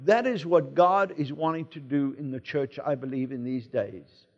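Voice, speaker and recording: A man with a South African accent, preaching a sermon as pastor in a relaxed, conversational way, with personal anecdotes. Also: on the high side, normal speed, dull audio. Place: church sanctuary.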